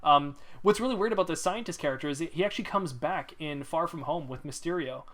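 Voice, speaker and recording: Bright-voiced excitable podcast guy. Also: fairly high pitch, brisk. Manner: excited, rambling, many fillers. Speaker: podcast co-host. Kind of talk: casual movie-review chat.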